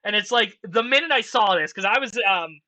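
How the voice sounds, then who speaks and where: A young man giving casual, rambling commentary as a channel host, excitable and swearing often. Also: sits high. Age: young adult. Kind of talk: casual commentary ranking a franchise.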